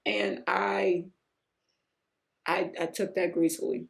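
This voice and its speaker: A woman hosting her own podcast, telling a personal story in an earnest, emotional way that sometimes rises almost to a shout. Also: flat delivery, takes it slowly, gravelly. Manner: emotional, earnest, rising to near-shouts at high points; breaks off to hush a pet in a low, quiet voice. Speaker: podcast host.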